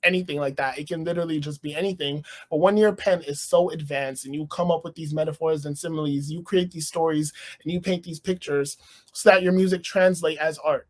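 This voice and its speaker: A man from Canada, a rapper, talking about his music in a casual interview, thoughtful and animated. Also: a little high, fairly quick. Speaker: rapper guest.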